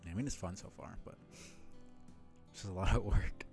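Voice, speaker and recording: A man's voice: deep voice, moderate pace, vocal fry, pauses often, darkish tone, faint music behind. A man streaming a game live, chatting in a rambling, self-deprecating way with lots of fillers.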